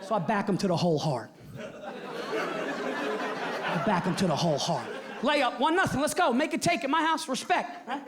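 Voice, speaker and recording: A middle-aged man doing a stand-up set on stage, telling a loud, brash story full of swearing and acted-out quotes. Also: very high-pitched, lively intonation, moderate pace, long pauses, a crowd in the background. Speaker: stand-up comedian. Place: large theater with live audience. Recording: live show with loud audience laughter. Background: audience laughing.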